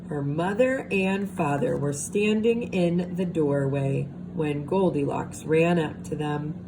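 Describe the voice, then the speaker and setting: A woman teacher reading a storybook aloud to young children, expressive and pausing to ask them questions. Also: low-pitched. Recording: steady background hiss.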